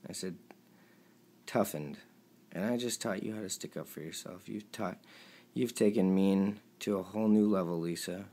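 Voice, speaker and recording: A young man with a very deep voice and a gravelly rasp reads his text messages aloud. He sounds emotional and pleading, and his voice drops low and quiet at times. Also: moderate pace. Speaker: vlogger. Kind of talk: reading out text messages to camera.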